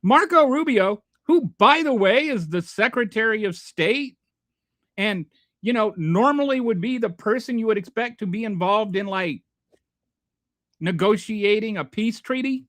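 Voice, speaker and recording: A man's voice: sits high, animated, unhurried, fairly bright tone, no room sound, clean studio sound. A male host giving sarcastic, rambling political commentary on a livestream and reading chat. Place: home near a small Texas town.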